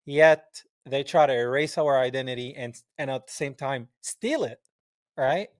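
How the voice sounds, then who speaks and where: A man's voice: mid-range voice, measured pace, no room sound, studio quality. A man from Palestine hosting a podcast interview, talking in an emphatic, impassioned way with rhetorical asides. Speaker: podcast host. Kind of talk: casual interview chat.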